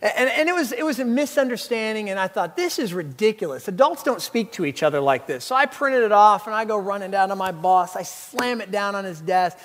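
High-voiced male preacher in a reverberant hall. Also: lively intonation, brisk, hardly any pauses, fairly bright tone. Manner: storytelling with humor and emphatic preaching. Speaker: pastor. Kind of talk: sermon.

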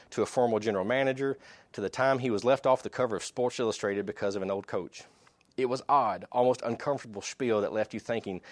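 A man with a lowish voice reads long passages from articles to an audience, breaking off for his own asides and stumbling restarts. The sound is dry and close, with little room in it. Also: no room sound. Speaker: speaker reading articles to an audience. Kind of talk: sermon-like talk reading aloud from articles.

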